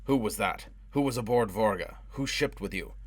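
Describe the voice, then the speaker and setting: Low-voiced narrator as a relentless avenger, harsh, pushing, audiobook. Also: male voice, moderate pace, no room sound, natural voice. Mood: demanding. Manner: harsh, driving interrogation. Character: brutal, obsessed man hunting for revenge. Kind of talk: audiobook character voice.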